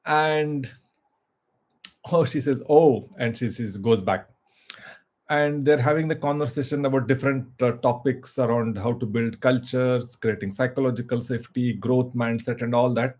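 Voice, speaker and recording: Man telling a halting, casual story. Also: medium pitch, steady tone, a little mellow. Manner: halting, full of restarts and fillers.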